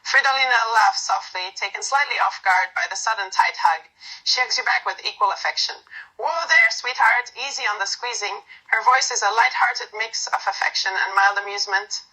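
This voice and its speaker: A woman narrating a second-person romantic story in a soft, unhurried reading with small slips. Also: mid-range voice, poor audio.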